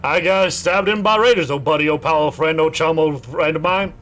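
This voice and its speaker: A man's voice: on the high side, a little fast, fairly bright tone, pitched below the performer's own voice, lightly acted. A man doing a chummy, looping skeleton. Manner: loops "oh buddy, oh pal" endlessly. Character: undead male skeleton, chummy and endlessly repetitive.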